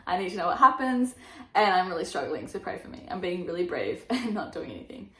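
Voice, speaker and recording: A young woman reviewing her favourite books in a casual vlog, gushing and animated, laughing often. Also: on the low side, quick pace. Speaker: book vlogger. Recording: echoey room.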